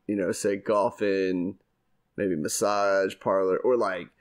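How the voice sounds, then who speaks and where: A man's voice: deep voice, steady tone, takes it slowly. A man co-hosting a podcast in casual chat, rambling through stories, swearing freely and laughing often. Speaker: podcast co-host.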